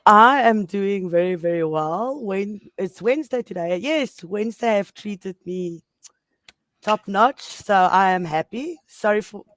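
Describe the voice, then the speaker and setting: Slow, giggly South African woman. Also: mid-range voice, lively intonation, dry recording. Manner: giggly, apologetic. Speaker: co-host. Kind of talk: casual chat.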